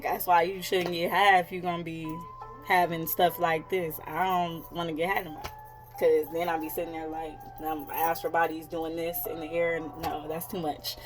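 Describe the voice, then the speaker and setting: A woman's voice: on the low side, fairly even intonation, moderate pace, soft background music, poor audio. A woman in her thirties, a psychic coach, talking in a casual vlog, candid and blunt, swearing freely and often laughing. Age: 30s.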